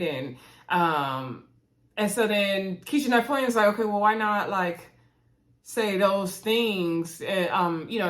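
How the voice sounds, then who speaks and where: Chatty woman recapping reality TV. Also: lowish voice. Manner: chatty, animated, acts out quotes in different voices. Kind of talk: casual recap commentary.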